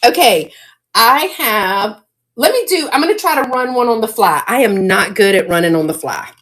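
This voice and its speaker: A woman hosting a casual live-stream sale, chatty and excitable, greeting viewers by name. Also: medium pitch, normal speed.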